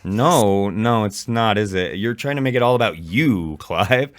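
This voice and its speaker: A man's voice: lowish voice, unhurried. An adult man ranting angrily in a profane reaction commentary, recorded close on a mic. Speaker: commentary YouTuber.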